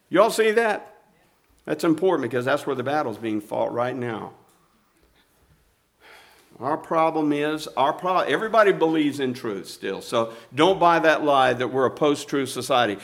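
A man preaching a sermon, emphatic, repeating key words and swinging between loud declarations and quiet asides. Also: medium pitch, expressive, measured pace. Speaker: pastor.

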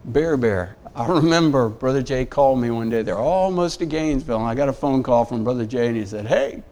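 A middle-aged man preaching a sermon, rising to emphatic scripture quotes and dropping quiet on personal stories. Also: mid-range voice, animated, a little fast. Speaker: pastor.

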